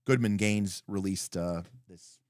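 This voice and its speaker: A man on a livestream talk show telling a tabletop game story in a rambling, animated way, full of fillers and restarts. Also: sits low, unhurried, dry recording, clean studio sound. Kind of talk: casual livestream chat.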